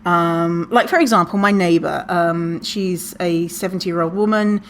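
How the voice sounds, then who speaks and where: A woman's voice: fairly low pitch, steady tone, measured pace, a little hiss or hum. A woman hosting a podcast, giving casual advice in a sassy, swearing way and acting out quoted lines. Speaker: podcast host.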